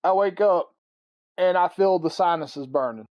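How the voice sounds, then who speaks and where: A man hosting a podcast, telling a story in a casual, profane and animated way. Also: high-pitched, unhurried. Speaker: podcast host. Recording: slightly muffled with faint music.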